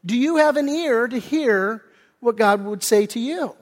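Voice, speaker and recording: A man preaches from the pulpit in a noticeably high voice, earnest and drumming key phrases home through repetition. He restarts his sentences often as he works through a point. His words ring out with the long reverb of a large hall. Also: unhurried. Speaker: pastor. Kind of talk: sermon.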